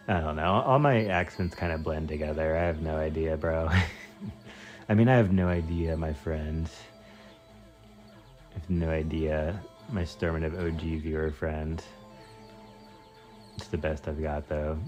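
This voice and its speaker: A man's voice: extremely low pitch, measured pace, long pauses, darkish tone. A man whose first language is Spanish streams a game live, reacting with slangy exclamations and lots of fillers. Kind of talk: casual live gameplay commentary. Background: game music.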